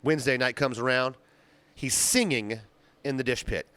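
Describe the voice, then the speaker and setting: A man's voice: mid-range voice, moderate pace, clear, resonant tone, dry recording. A young man co-hosting a podcast, telling a workplace story casually and profanely, acting out the quotes. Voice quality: animated, profane, acts out quotes. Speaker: podcast co-host.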